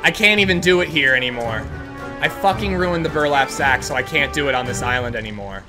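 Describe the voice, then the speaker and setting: A man giving gameplay commentary, excitable and ranting with frequent swearing. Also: medium pitch, a little fast, over music. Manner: excitable, swears freely, rants in frustration. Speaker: gaming video creator.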